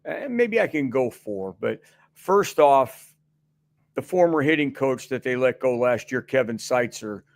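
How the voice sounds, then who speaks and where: A man's voice: mid-range voice, animated, a little slow. A middle-aged man as a guest on a sports radio show, chatting casually and rambling with many restarts and fillers.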